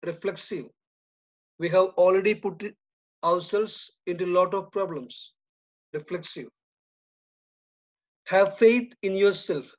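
A man with an Indian English accent works slowly through a grammar exercise. He reads each sentence and then drops his voice to give the answer. The recording is dull and lo-fi. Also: high-pitched. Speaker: teacher. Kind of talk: slow, deliberate grammar lesson.

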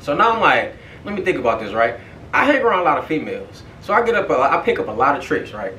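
A young man on a podcast tells a story in a loose, profane way and keeps tossing in "right?". His voice sits a bit high and bright, and it swings a lot in pitch. He sounds some distance from the mic in an echoey room. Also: fast talker, slight background noise. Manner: animated, profane, repeats "right?". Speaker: podcast host. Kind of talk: casual storytelling.

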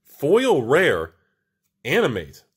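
A man hosting a casual card-unboxing video, talking to viewers as he opens packs, excitable and repeating himself. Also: medium pitch, very slow, slightly rough. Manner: excitable, repeats words, often addresses viewers as everybody. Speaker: channel host opening card packs.

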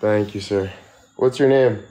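A man's voice: on the low side, unhurried, rough recording. Hyped man live-streaming to fans. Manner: hyped, loud, joking banter with viewers. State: out of breath. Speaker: livestreamer. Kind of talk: casual live-stream chat.

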